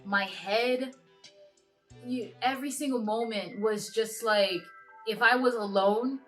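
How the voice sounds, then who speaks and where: A woman in her twenties telling a personal story to camera in a halting, earnest way, often stopping and restarting her sentences. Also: fairly high pitch, soft background music. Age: 20s. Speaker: vlogger.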